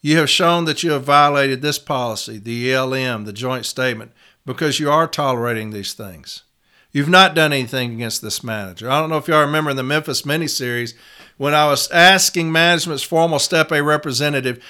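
A man's voice: mid-range voice, brisk, sharp tone, clear, resonant tone. A man giving an instructional talk as a union advocate, stressing single words and repeating them.

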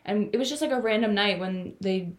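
A woman's voice: mid-range voice, fairly quick. A woman in her twenties co-hosting a podcast, rambling through stories in casual chat with lots of filler words. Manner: rambling storytelling with many "like" fillers. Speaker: podcast co-host.

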